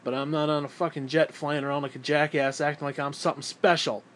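A man's voice: a little high, little pitch movement, fast talker, slight background noise. Fuming, foul-mouthed man ranting. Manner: profane, sarcastic, heated. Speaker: vlogger. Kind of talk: angry religious rant.

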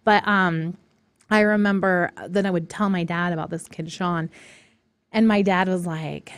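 A woman in her thirties hosting a live talk show, telling a personal story in a casual, animated way and acting out what others said. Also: on the low side, normal speed, no room sound.

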